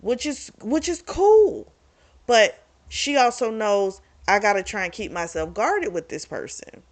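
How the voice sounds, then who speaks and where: A woman's voice: mid-range voice, expressive, normal speed. Frank, chatty woman recapping a book. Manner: chatty, frank, swears freely, lots of asides. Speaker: book club vlogger. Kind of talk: casual book review recap.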